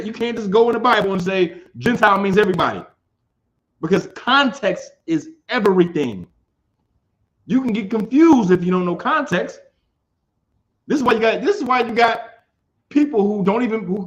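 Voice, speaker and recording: A man leads a scripture class in an emphatic, loose teaching style, with a voice pitched a little high for a man. He circles back over his own phrases and keeps checking that the room is following. The delivery is conversational rather than preached. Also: animated, moderate pace, low-quality recording. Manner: emphatic, repeats phrases, keeps asking "you understand?".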